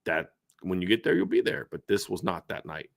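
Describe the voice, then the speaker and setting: Brief: male sports show host, animated and casual, restarts his sentences, recorded dry and close. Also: sits low, a little fast, creaky, dry recording. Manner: animated, repeats words when starting sentences. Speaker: podcast host. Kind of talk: casual post-game sports talk.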